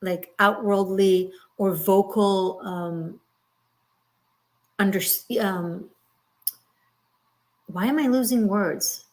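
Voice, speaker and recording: A woman reading tarot cards on a live stream, her talk rambling and broken by fillers and restarts. She speaks gently and reassuringly, sounds moved almost to tears, and keeps a voice of middling pitch. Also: steady tone, drawn-out words, pauses often. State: emotional, near tears. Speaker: tarot reader.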